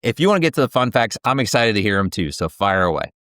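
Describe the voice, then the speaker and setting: Male co-host, low register, eager movie talk, dry recording. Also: big pitch swings, fast, a bit bright, no room sound. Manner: enthusiastic, quotes lines in playful voices. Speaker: co-host of a movie review show. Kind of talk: casual movie review chat.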